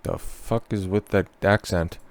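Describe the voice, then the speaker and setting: A man's voice: sits low, fairly even intonation, unhurried. A man hosting a reaction commentary who talks in a sarcastic, mocking and often profane way, checking in with "okay?" as he goes. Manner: repeats "okay?" and "right?" at the ends of phrases. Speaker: commentary host.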